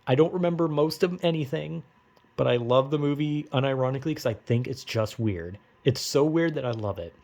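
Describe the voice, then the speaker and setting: A man's voice: medium pitch, fairly quick, creaky, a little mellow. A young man rambling through a movie recap from memory, profane and full of fillers. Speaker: vlogger.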